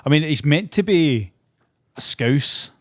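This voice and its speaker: A man's voice: a little high, animated, takes it slowly, no echo, studio quality. A Scottish man co-hosting a casual podcast, chatty and laughing often. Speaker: podcast co-host.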